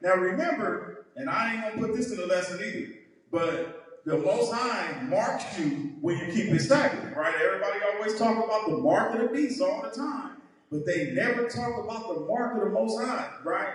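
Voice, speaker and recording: A man's voice: sits high, animated, normal speed. A man teaching a heated Bible lesson, emphatic and mocking, often tagging his points with "right?". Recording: echoey hall, mic far off.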